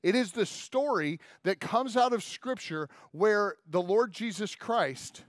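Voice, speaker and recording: Preacher, male, slightly high, chatty storyteller, close and dry. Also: slow, dry recording. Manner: conversational storytelling, acts out voices. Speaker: pastor. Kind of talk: sermon. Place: church main hall.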